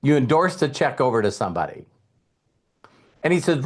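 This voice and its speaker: A man's voice: mid-range voice, sing-song, a little fast, long pauses. A man speaking as a motivational speaker, retelling a past conversation to an audience in a conversational way with emphasis. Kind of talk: storytelling speech to an audience.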